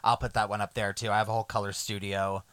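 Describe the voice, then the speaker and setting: A man hosting a music podcast, chatting casually in a playful, animated way that often trails off quietly. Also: fairly low pitch, fast, clean tone, dry recording. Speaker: podcast host.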